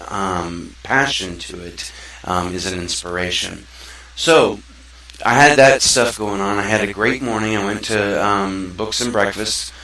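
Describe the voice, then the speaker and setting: A lower-pitched man with a bright, forward edge, talking earnestly and loosely like a show host. He sits some way back from the mic in a very echoey room. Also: recorded from a distance. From South Mississippi, USA. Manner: earnest, rambling, conversational. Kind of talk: casual talk-show monologue.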